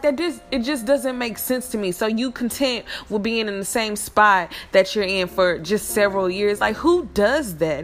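A woman's voice: a little high, a bit bright. Woman, casual venting, blunt and profane, heated, faint music behind.

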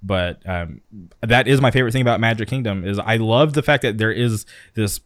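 A young man chatting casually with friends in a relaxed, easygoing way. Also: on the low side, a little fast, no room sound, studio quality. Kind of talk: casual chat.

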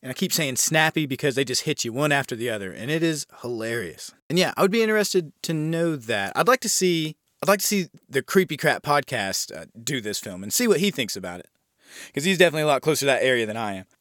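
A man's voice: mid-range voice, sing-song, quick pace, a bit bright, no echo, clean studio sound. Laid-back American man reviewing a film. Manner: rambling, laid-back, swears freely. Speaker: horror film podcast host.

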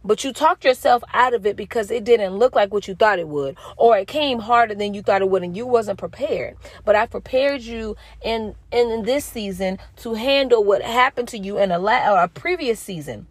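A woman's voice: moderate pace, few pauses, no room sound. A woman in her thirties, a mother, speaking earnestly and a little preachy as she gives viewers a spiritual message and her own story. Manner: earnest, preachy, talks straight to the audience; expressive, jumps into high pitch when quoting herself. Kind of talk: casual spoken testimony to viewers.

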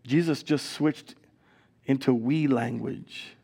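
A man preaching a sermon in a church as pastor, telling stories with animated delivery and acted-out voices. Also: medium pitch, takes it slowly, creaky, breathy edge. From Minnesota. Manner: animated storytelling, acting out voices, laughs.

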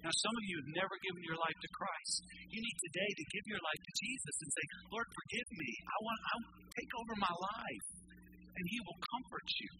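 A man's voice: high-pitched, very noisy. A man preaching a sermon as pastor, emphatic, asking the congregation questions and answering them.

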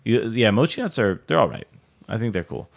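A young man hosts a casual podcast chat in a fairly low voice. He rambles along with plenty of fillers and restarts. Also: big pitch swings, a little fast, vocal fry. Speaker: podcast host.

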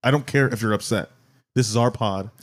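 A man's voice: mid-range voice, brisk. A young man hosting a casual podcast chat, flustered, laughing and often apologizing. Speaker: podcast host.

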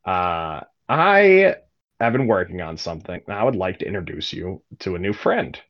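A man's voice: sits low, big pitch swings, moderate pace, dull audio. A man voicing a casual, crude male companion. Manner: casual, swearing.

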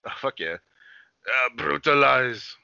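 Animated man swearing on a lo-fi podcast. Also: mid-range voice, slow pace, vocal fry, clear, resonant tone, dry recording. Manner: loose, swearing, animated storytelling. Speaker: podcast co-host. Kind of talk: casual chat.

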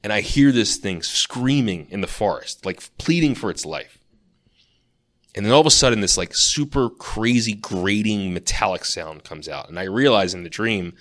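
A podcast co-host with a lowish, slightly bright voice and lively intonation casually recounts a long dream at normal speed. He rambles, saying "like" constantly and restarting his sentences.

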